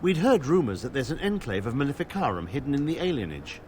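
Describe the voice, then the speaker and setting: An actor playing a blind, battle-scarred older knight in a video game, speaking in formal, archaic phrases. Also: male voice, medium pitch, big pitch swings, fast, a little mellow, slight background noise, close to an everyday voice. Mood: solemn. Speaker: game character.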